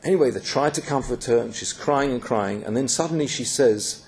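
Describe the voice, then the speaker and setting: A man's voice: medium pitch, a little fast, a little mellow. A man giving an earnest Torah lecture, telling stories and mixing in yeshiva terms. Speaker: Torah teacher.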